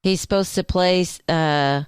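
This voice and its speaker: A woman co-hosts a radio show in casual morning banter. Her voice is smooth and clear, recorded dry and close. She drops short, wry, teasing quips. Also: fairly low pitch, a little slow, no room sound.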